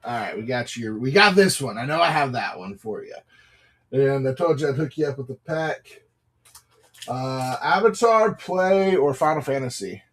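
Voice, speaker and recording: A man's voice: medium pitch, animated, normal speed. Man, livestream card seller, casual upbeat patter, mid-range voice. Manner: chatty, apologetic, upbeat pack-opening patter. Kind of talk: casual live-selling chat.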